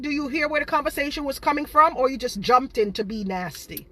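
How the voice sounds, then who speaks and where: A woman's voice: sits high, expressive, fairly quick, few pauses, sharp tone. A woman, a home baker, ranting to her viewers on a live stream, exasperated and repeating herself. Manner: exasperated, repetitive, talks straight to viewers. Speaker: home baker and online seller.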